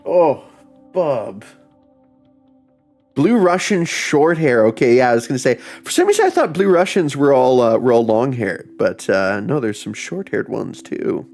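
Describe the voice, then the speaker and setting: Casting note: a young male streamer, loose and rambling, laughing and swearing, with a lively, swinging voice. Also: mid-range voice, measured pace, faint music behind. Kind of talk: casual livestream chat.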